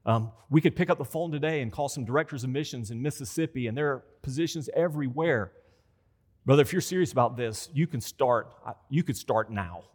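A man's voice: mid-range voice, a little fast, husky. A man preaching a conversational sermon as a pastor. He repeats phrases for emphasis and acts out quoted voices. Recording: long hall reverb.

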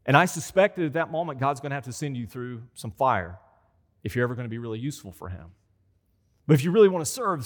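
A man preaching a conversational sermon as a pastor. He repeats phrases for emphasis and acts out quoted voices. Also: fairly high pitch. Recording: long hall reverb.

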